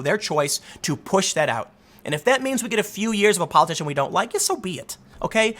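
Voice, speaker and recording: A man giving solo political commentary in an animated, sarcastic way, rambling with frequent restarts. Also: high-pitched.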